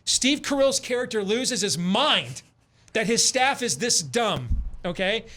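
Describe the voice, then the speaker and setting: A man hosting a talk show, retelling a film in an emphatic, animated way with frequent repetitions. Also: high voice, measured pace. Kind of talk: opinionated radio talk.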